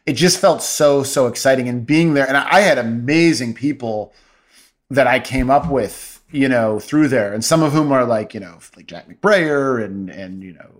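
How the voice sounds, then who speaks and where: A middle-aged man sits in as a podcast guest, talking about comedy writing in a laid-back, casual way. His voice sits at a plain middle pitch, and his talk is peppered with fillers. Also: moderate pace. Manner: laid-back, many fillers like "like" and "you know". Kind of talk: casual chat.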